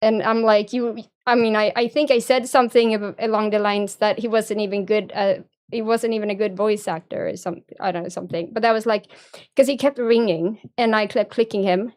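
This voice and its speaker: A woman's voice: mid-range voice, fairly even intonation, a little fast, a little mellow. A young woman streamer, telling a story in a rambling, casual way and swearing freely. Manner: rambling, profane, laughs often.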